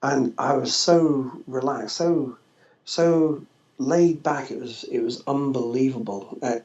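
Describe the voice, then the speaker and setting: Guy with a gravelly voice telling his story in an interview, lots of stops and restarts, echoey, kinda dull sound. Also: mid-range voice, darkish tone. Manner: halting, with frequent restarts and fillers. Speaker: interview guest, former social worker. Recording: echoey, slightly dull podcast audio.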